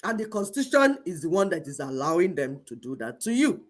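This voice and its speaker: A woman's voice: on the low side, very animated, a little fast. A woman lecturing listeners in a political talk, firing off rhetorical questions. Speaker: online show co-host.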